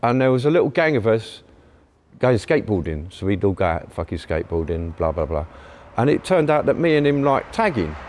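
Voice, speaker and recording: A man's voice: on the low side, big pitch swings, a little fast, darkish tone. London man telling stories animatedly. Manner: rambling storytelling with lots of swearing and fillers. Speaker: guest graffiti writer. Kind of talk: casual podcast chat.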